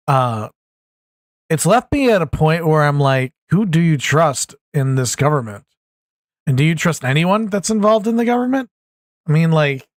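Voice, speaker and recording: Tired guy venting on his channel, kinda high voice, super dry sound, rambling and frustrated. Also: no room sound. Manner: rambling, frustrated, restarts often. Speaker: commentary YouTuber. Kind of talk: casual political commentary. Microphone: USB desktop mic.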